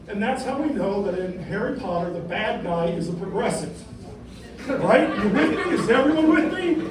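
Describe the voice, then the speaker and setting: A middle-aged stand-up comedian rambles through his set, checking in with the crowd. His voice sits high. It is captured from afar in a very echoey, noisy club. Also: sing-song, normal speed. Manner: rambling, conversational, keeps asking "right?". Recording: echoey room, distant mic, noisy.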